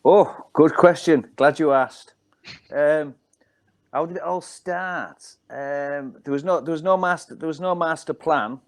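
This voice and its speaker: A man's voice: a little high, a little slow. A middle-aged man with a Hull accent, a guest comedian telling rambling, wry stories with lots of ums. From Hull, England. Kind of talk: casual storytelling.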